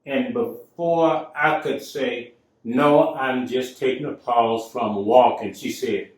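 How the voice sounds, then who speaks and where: A man's voice: mid-range voice, fairly even intonation, slow pace. A man hosting his own talk show, telling a story casually with emphatic turns. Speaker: show host. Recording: echoey room, mic at a distance.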